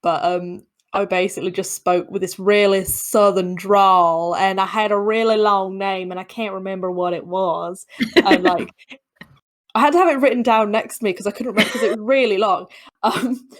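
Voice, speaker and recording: A woman's voice: mid-range voice, steady tone, moderate pace. A woman guest in a casual podcast chat, rambling and self-deprecating with many restarts.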